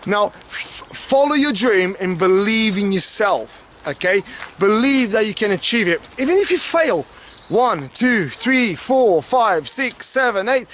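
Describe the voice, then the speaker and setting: A man who is a fitness trainer, talking fast and casually to camera, often repeating "okay" and "obviously". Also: sits high, animated, a bit bright, slight background noise. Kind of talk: casual motivational talk to camera.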